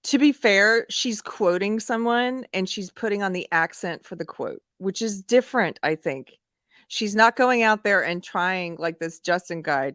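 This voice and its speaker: A woman's voice: fairly low pitch, a bit bright, no echo, clean studio sound. A woman hosting a live stream who chats casually, laughs often and reads chat comments aloud. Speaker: livestream host.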